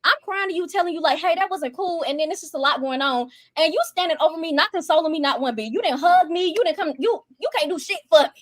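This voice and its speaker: Brief: high-voiced woman reviewer, heated and profane, quick delivery. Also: animated, a bit bright, no room sound, studio quality. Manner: fast, heated, profane, acts out quotes. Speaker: reality show reviewer. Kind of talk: casual ranting commentary.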